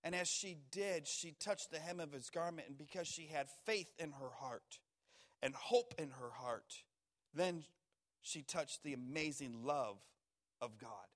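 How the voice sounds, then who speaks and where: High-voiced man preaching dramatically. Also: expressive, a little slow. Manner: dramatic swings from hushed to loud. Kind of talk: sermon.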